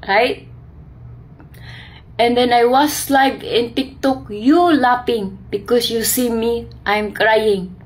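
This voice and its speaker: A Filipina woman with a Filipino accent, vlogging an emotional monologue in broken English mixed with Tagalog and pleading with an absent man. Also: a little high. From Philippines. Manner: pleading, heartbroken, addresses an absent man directly. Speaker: overseas worker vlogger. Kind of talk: emotional direct-to-camera monologue.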